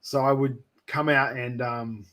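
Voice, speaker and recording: An Australian man chatting casually about wrestling. He rambles and hedges with lots of fillers, and drops in profanity. His voice sits in a plain mid-male pitch. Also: steady tone, a little slow, bright, forceful tone. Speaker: wrestling manager and promoter. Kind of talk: casual chat.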